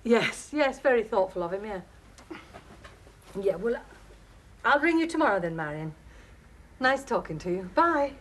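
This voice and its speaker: A woman's voice: on the high side, big pitch swings, measured pace, long pauses. A flustered, fretful mother. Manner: flustered, fretful, short-tempered. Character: anxious mother waiting for a phone call. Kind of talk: 1980s television soap acting.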